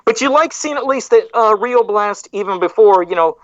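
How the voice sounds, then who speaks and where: A man's voice: sits high, animated, moderate pace, a bit bright, no echo, highs cut off. A man hosting a podcast in casual chat, rambling and correcting himself as he goes off on side rants. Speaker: podcast host.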